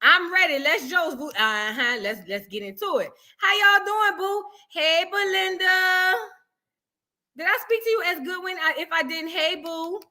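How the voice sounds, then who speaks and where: Bright high-voiced New Orleans woman. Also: measured pace. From New Orleans, Louisiana. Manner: animated, playful, calls viewers boo and girl. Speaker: livestream host. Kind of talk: casual livestream chat greeting viewers.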